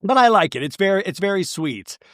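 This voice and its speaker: A man hosting a podcast, recapping a reality show in a jokey, animated way and slipping into quick mock voices. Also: sits high, no room sound, studio quality. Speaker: podcast host.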